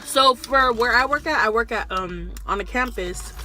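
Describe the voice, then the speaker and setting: A young woman who talks casually over a meal, acting out each customer as she tells her work stories. Her voice sits high and sounds bright. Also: moderate pace. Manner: animated storyteller who acts out customers' voices. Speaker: vlogger and sandwich shop worker. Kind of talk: casual chat while eating.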